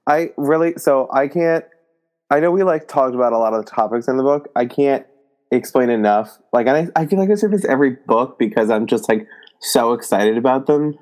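A young man co-hosting a casual book podcast, joking and talking in halting, restarting sentences. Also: mid-range voice, lively intonation, darkish tone. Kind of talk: casual book review chat.

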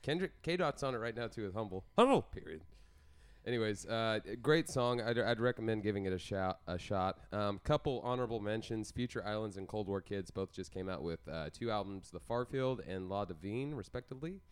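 A man with a low, smooth and clear voice talks through new music releases in a loose, rambling way. He jokes often and keeps filling the pauses with "uh" and "um". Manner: rambling, jokey, many fillers. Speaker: podcast co-host. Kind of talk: casual music chat.

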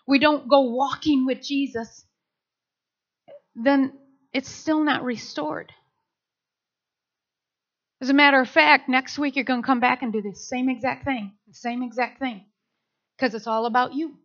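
A woman's voice: sits high, a little slow, long pauses, dull audio. A woman preaching a sermon, telling stories animatedly and acting out quotes. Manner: animated storytelling with acted quotes.

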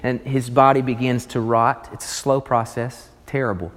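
A man preaching a sermon, animated and acting out the voices of people in his story. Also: mid-range voice, normal speed. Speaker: pastor. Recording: long reverb of a large hall.

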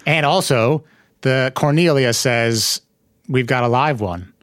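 A man's voice: mid-range voice, a bit bright, dry recording. Wry man in a dry podcast chat. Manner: wry, teasing, does quick impressions. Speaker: podcast co-host. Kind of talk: casual chat.

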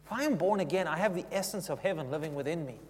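Male preacher, a touch high, chatty sermon delivery with questions to the room, heard in a long echoing church hall. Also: rapid-fire, slight background noise. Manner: animated, conversational, asks the congregation questions. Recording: long echoey reverb of a hall.

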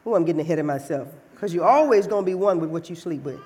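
A woman preacher giving a lively, playful sermon in a church, teasing her listeners as she makes her points. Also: lowish voice, quick pace, husky. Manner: playful, teasing, animated delivery.

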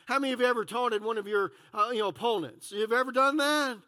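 High, bright-voiced man preaching. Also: quick pace. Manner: conversational, full of "uh, you know" fillers. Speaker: pastor. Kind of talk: sermon.

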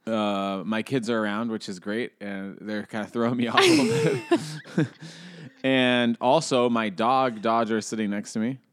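A man co-hosts a relaxed podcast conversation, teasing his co-host and laughing easily. His voice moves a lot in pitch, bouncing up and down as he talks. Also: normal speed. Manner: playful, joking, laughs often. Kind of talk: casual podcast chat.

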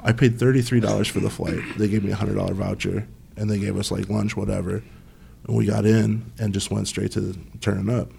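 Gravelly-voiced man telling a story. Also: lowish voice, level tone, fairly quick, mellow, slight background noise. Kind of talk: casual chat.

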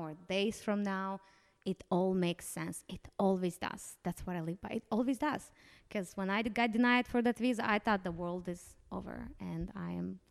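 A woman's voice: medium pitch, vocal fry, in a large hall. A woman who came to the United States as a podcast guest, talking earnestly and encouragingly at home, often repeating her phrases. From outside the United States. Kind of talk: casual interview chat. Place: home living room.

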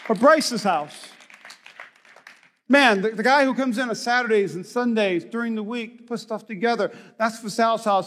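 A man preaching a sermon as pastor. He tells stories with acted-out dialogue and breaks into energetic shouts. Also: high-pitched, normal speed. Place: large church hall. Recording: reverberant church hall.

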